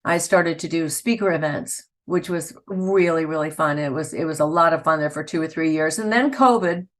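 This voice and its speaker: An older woman with a low-pitched voice chats easily as an interview guest. She tells stories in a relaxed way and laughs often. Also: moderate pace. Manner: chatty, laughs often, storytelling. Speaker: voice actor guest. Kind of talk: casual interview chat.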